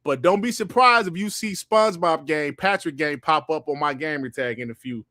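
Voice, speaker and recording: An older man hosts a casual gaming stream, firing off loud, profane trash talk and laughing as he reads the chat. His voice sits a bit high for a man. The sound is dry and close, with no room echo. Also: moderate pace. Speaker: podcast host reading live chat.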